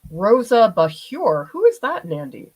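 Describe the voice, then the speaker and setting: A woman's voice: a little high, unhurried, rough recording. A middle-aged woman art professor, chatting and telling stories with laughs while painting on a live stream. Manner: chatty, animated storytelling with laughs. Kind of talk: live-stream painting demo answering chat.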